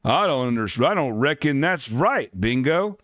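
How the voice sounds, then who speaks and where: A man's voice: medium pitch, very animated, normal speed, a bit bright, dry recording, studio quality. A man voicing a rude, entitled woman who cuts in line, whiny and baffled. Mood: indignant.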